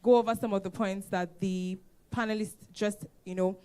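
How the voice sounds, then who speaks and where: A woman's voice: mid-range voice, steady tone, normal speed, warm tone, clear, resonant tone. Earnest woman co-hosting a conference. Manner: earnest, sums up advice. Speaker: conference co-host. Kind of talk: live event hosting. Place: conference hall on stage.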